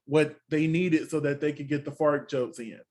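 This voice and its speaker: A man with a fairly high voice chats casually as co-host of a review show. He talks loosely and expressively, leaning on filler words as he makes his points. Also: normal speed. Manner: chatty and expressive, lots of "like" fillers. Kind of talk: casual chat.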